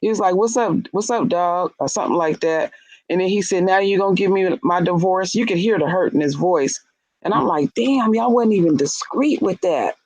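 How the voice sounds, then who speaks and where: Blunt, animated woman in dry casual chat. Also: moderate pace, dry recording, low-quality recording. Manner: animated storyteller, acts out quotes with big jumps in pitch; blunt and profane.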